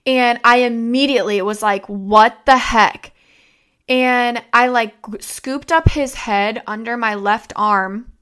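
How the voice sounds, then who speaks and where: A young woman hosting her own show, telling in a halting, emotional way, with many fillers, how her father died. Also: fairly high pitch, a bit bright, smooth. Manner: tearful, halting retelling of a family loss, many fillers. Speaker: podcast host. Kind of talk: emotional personal storytelling.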